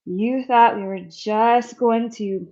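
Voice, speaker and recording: Woman trainer leading a core workout, unhurried, encouraging, counts reps, slightly winded, mildly dull audio. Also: on the high side, warm tone. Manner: encouraging, counts reps aloud, demonstrates while talking. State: out of breath. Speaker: fitness instructor. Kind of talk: coaching a follow-along workout.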